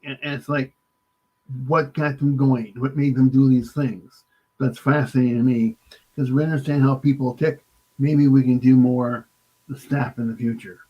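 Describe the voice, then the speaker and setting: Halting american guy, polite, says sir a lot, dull lo-fi call sound. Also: medium pitch, steady tone. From United States. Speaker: author guest. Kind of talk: casual interview. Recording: dull lo-fi remote line.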